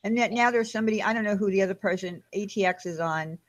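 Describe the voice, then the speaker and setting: A woman's voice: mid-range voice, fast. A woman hosting a casual live-stream chat, explaining herself in a rambling way with fillers.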